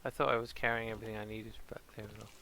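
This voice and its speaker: Gravelly British man chatting through gameplay. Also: on the low side, level tone, rapid-fire, pushed and bright, slight background noise. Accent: British English. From England. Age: adult with a son. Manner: chatty, rambling, talks to game characters. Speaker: gaming streamer. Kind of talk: casual gameplay commentary. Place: home streaming setup with green screen.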